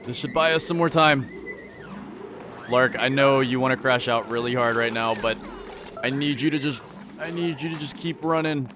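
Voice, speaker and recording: A man's voice: mid-range voice, moderate pace, background noise. A man commentating his own gameplay, talking anxiously to his characters and repeating his lines. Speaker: gaming YouTuber.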